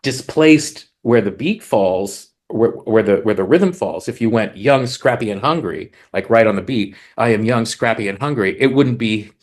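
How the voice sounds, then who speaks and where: A man's voice: lowish voice, lively intonation, a little slow, few pauses. A man co-hosting a chat about songwriting, eagerly explaining craft and reading lyrics aloud with rhythm. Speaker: podcast co-host, lyricist.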